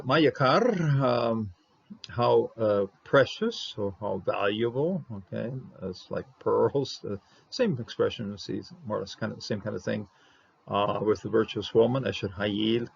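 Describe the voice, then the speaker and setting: Man, husky voice, Bible Hebrew teacher, slow halting delivery, dull lo-fi recording. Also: on the low side. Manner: halting, many fillers, sounds out Hebrew words slowly. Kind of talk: verse-by-verse Hebrew lesson. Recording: dull lo-fi sound.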